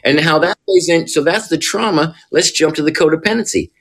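A man's voice: on the high side, a little fast, a bit bright. Chatty man explaining, checking in often. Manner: conversational, checks in often with rhetorical questions. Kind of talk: casual explanatory talk.

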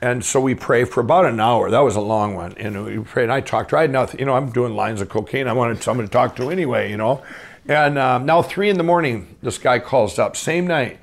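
Casting: middle-aged man, gravelly, mid pitch, rambling storyteller voice. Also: brisk. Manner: rambling, animated, many fillers and restarts. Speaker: guest telling his life story. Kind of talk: casual storytelling.

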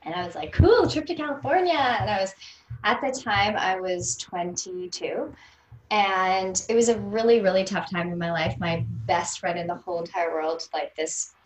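A Canadian woman in her thirties, a guest on an interview show, telling personal stories casually with lively quoted voices and frequent laughter. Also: lowish voice, moderate pace. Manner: animated, laughs often, quotes people in voices. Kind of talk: casual storytelling. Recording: roomy echo.

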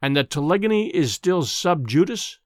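A man reading an audiobook, voicing a domineering, insolent bearded professor with a rumbling, scornful voice. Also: lively intonation, moderate pace, dry recording, studio quality, lightly acted. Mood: menacing calm.

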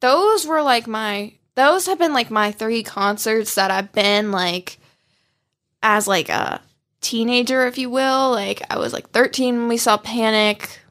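A woman's voice: fairly high pitch, unhurried, a bit bright. A young woman chatting casually as a podcast guest, with many fillers and a loose, chatty manner. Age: young adult.

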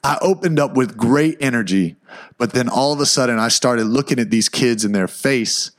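A man at a mid pitch, speaking as a motivational speaker who hosts a podcast. He recounts his own experiences in a loose, conversational way, with bursts of animation. His talk is casual and peppered with the word "man". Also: moderate pace. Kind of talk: personal storytelling monologue.

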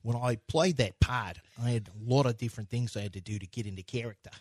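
A man's voice: fast talker, no echo, lightly acted. A man impersonating a reserved aging male movie star musing about his roles. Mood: reflective. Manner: low, soft, reflective musing.

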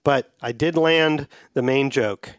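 A man's voice: medium pitch, slow, dry recording, dull audio. Middle-aged man, chatty storyteller. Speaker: podcast co-host. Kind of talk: casual chat.

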